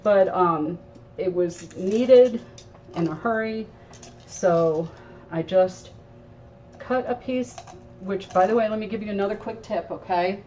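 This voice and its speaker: Speaking slowly with long pauses, this craft show host has a warm, mid-range voice caught on a distant mic. She chats with viewers and gives instructions as she works at her craft table during a live tutorial, and the off-mic audio is dull with faint noise.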